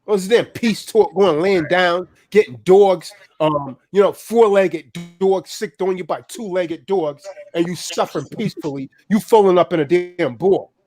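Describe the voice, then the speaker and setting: Man, high voice, heated profane rant, preachy. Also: a little slow, hardly any pauses, darkish tone.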